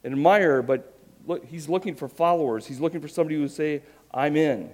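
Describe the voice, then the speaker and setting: A man's voice: a little high, quick pace. Earnest preacher man with a light voice. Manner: earnest, with self-deprecating humor; emphatic. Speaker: pastor. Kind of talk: sermon.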